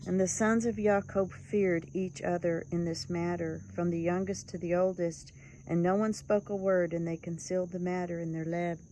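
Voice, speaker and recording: A woman's voice: fairly low pitch, fairly even intonation, moderate pace, warm tone, slight background noise, rough recording. A woman reading aloud from a religious text, with earnest, dramatic emphasis on the quoted speech. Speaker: scripture reader.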